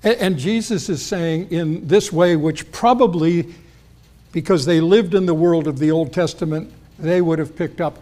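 Guy giving a sermon, kinda higher pitched, chatty, voices the quotes. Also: moderate pace, warm tone. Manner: conversational, acts out quotes with rising pitch. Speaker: preacher. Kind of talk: expository sermon.

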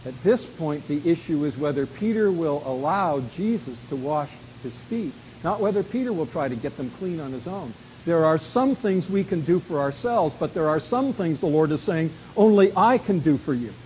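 Emphatic, high-voiced male preacher. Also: animated, moderate pace, hardly any pauses, a little hiss or hum, poor audio. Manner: emphatic, with dramatic swings in loudness. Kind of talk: expository sermon.

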